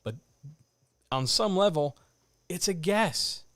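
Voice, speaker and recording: Animated man coaching listeners, fairly high voice. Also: slow, no echo. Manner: animated, addresses listeners directly; mutters whispered asides to himself. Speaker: writing coach. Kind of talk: livestreamed talk to writers. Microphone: desk microphone.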